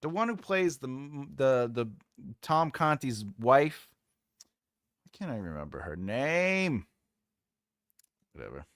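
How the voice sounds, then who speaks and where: A man hosting a relaxed livestream, reading viewer comments aloud and drifting into tangents. His voice swoops widely in pitch while he talks at an unhurried pace. The sound is close and dry. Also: creaky, no room sound. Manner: rambling, trails off searching for names, laughs often. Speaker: writing livestream host.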